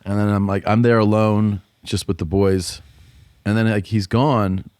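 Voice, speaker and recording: A man co-hosting a podcast, telling a story in a casual, animated way, swearing freely and yelling in the quotes, on a close studio mic. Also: fairly low pitch, unhurried, no echo. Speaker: podcast co-host.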